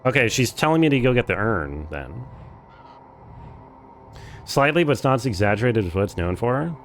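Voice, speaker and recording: A man's voice: mid-range voice, moderate pace, soft background music. A young man with a Californian accent streaming a game, chatting casually and saying "like" a lot. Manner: chatty, relaxed, lots of "like". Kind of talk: casual live-stream chat.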